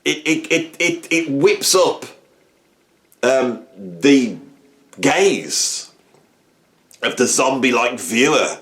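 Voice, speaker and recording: A man, talking to camera on his music channel in an animated, rambling, self-mocking way. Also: medium pitch, slow pace, pauses often. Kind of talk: casual talk to camera.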